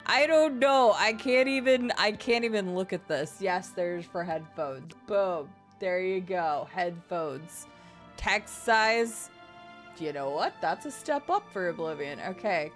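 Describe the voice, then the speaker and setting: A young woman streaming a game, chatting casually and getting emotional and excitable, with casual swearing. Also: fairly low pitch, takes it slowly, faint music behind. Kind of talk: casual live-stream gaming chat.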